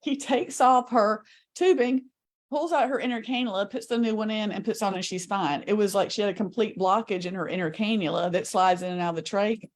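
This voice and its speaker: A woman guest on an interview show, telling a story in an earnest, animated way. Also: mid-range voice, fairly quick. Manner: animated storyteller, earnest, talks with shifting speed.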